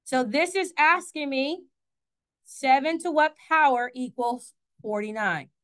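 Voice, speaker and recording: A woman with a bright, high voice teaches a math lesson in a classroom. She talks in a chatty way, keeps asking the class questions and corrects herself as she goes. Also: unhurried.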